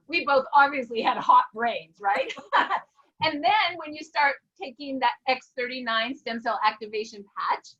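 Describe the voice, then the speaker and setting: A woman in casual conversation, telling stories in a lively, animated way. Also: high voice, dull audio. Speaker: co-host promoting a product.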